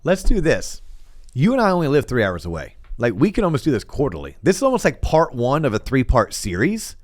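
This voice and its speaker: A man's voice: medium pitch, huge pitch swings, fairly quick, dry recording. A man hosting a podcast interview, encouraging and affirming his guest, with fillers. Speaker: podcast host. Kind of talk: casual interview chat.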